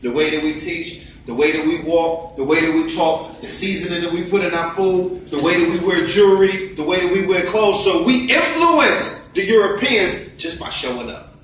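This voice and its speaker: Addressing a gathering in an indoor event space, this man speaks at a moderate pace in a high-pitched, slightly bright voice, with some background noise. His lecture is fiery and preachy, packed with rhetorical questions, and the room echoes with him distant from the mic.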